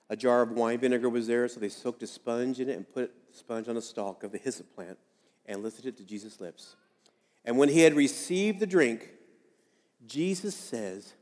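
A man's voice: mid-range voice, darkish tone, in a large hall. A man giving a sermon as a pastor, speaking conversationally and repeating key phrases for emphasis.

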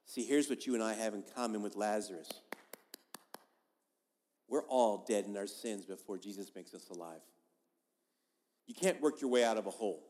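A man as a pastor giving a sermon in a church, preaching in a conversational but emphatic way and swinging between loud and soft. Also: on the low side, moderate pace, long pauses. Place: church sanctuary. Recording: long reverb of a large hall.

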